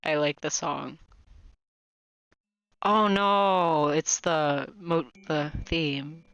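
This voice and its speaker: A streamer reading a visual novel aloud in a let's play, loud and excitable, swearing often and breaking into laughter. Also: mid-range voice, drawn-out words, clear, resonant tone, muffled recording.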